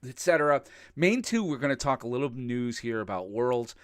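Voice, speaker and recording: Animated, joking man. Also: medium pitch, brisk, smooth, no echo, clean studio sound. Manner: jokey, rambling, laughs often. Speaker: podcast co-host. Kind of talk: casual chat.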